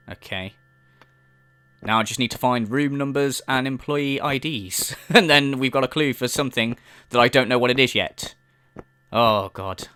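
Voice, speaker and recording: A man's voice: mid-range voice, normal speed, bright, forceful tone, clean tone, faint music behind. A young man giving jokey, sarcastic let's-play commentary, swearing casually as he explores. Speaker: gaming YouTuber.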